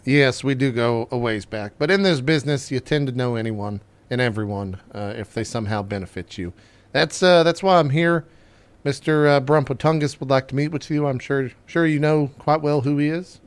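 A man's voice: mid-range voice, normal speed, clean tone. A man playing a tabletop game, speaking in a mock-formal, in-character manner. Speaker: player. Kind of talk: in-character tabletop role-play.

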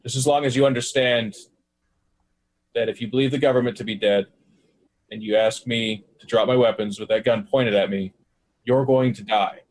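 A man playing a cool-headed mercenary in a tabletop game, delivering a measured threat. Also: mid-range voice, steady tone, darkish tone, close to an everyday voice. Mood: calm menace.

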